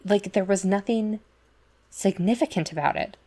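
A woman's voice: medium pitch, moderate pace, mellow. A woman co-hosting a podcast, retelling stories in casual chat with lots of fillers and asides, acting out the quoted voices. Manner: chatty storytelling full of fillers and asides. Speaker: podcast co-host.

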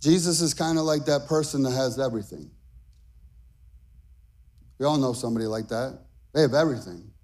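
A pastor preaching a sermon, his voice climbing into shouted, half-sung phrases. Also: mid-range voice, a little fast, long pauses.

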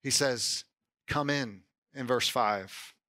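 A man preaching a sermon in a conversational way, often saying "like" and "right?" and getting animated when he voices someone's doubts. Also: mid-range voice, slow. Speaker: pastor.

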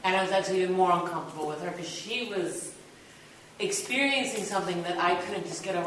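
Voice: mid-range voice, fast, fairly bright tone. A workshop participant asking a candid question about themselves from the audience. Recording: distant, very echoey, faint noise.

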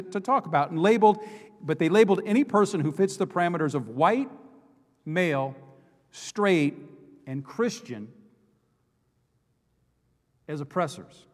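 Guy preaching a fired-up sermon, kinda higher voice, stumbles and repeats himself, big echoey church. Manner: impassioned preaching with repetitions and restarts. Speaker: pastor. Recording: long hall reverb.

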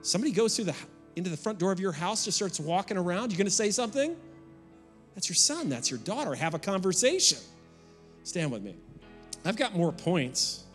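A man's voice: high voice, big pitch swings, a little fast, a bit bright, soft background music. A middle-aged man preaching a sermon, in a folksy, emphatic way. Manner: folksy and emphatic, with rising and falling intensity. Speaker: pastor.

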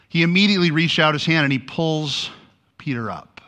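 A pastor preaching a sermon, telling a story with lively energy and acting out the lines he quotes. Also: on the high side, normal speed.

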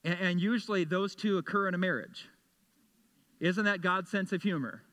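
A middle-aged man preaches with earnest conviction, his voice a little high and bright. He often stumbles over and repeats words as he presses a point home to the congregation. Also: moderate pace. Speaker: pastor. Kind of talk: sermon.

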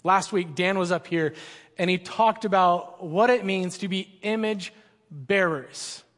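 A man with a high voice delivers a sermon as a student pastor, keeping it casual, joking and energetic. His words ring out with a long reverb in a large church auditorium. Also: measured pace. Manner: energetic, joking, conversational preaching.

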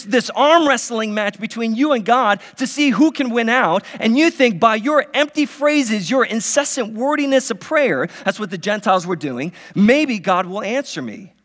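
A man's voice: very high voice, animated, normal speed, hardly any pauses, a bit bright. A man in his thirties, a pastor, preaching a sermon in a conversational, story-telling way with many restarts. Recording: long hall reverb.

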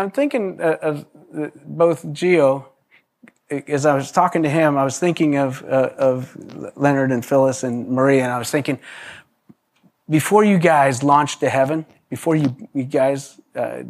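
A man preaching a sermon, telling stories with lots of restarts and acting out the people he quotes. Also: on the high side. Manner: animated storyteller, acts out quoted voices, laughs often, many restarts. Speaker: pastor. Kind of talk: sermon with storytelling.

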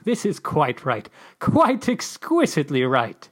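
A podcast reader voicing a fussy male alien ambassador in a high, theatrical, drawn-out voice. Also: huge pitch swings. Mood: delighted. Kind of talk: podcast story reading.

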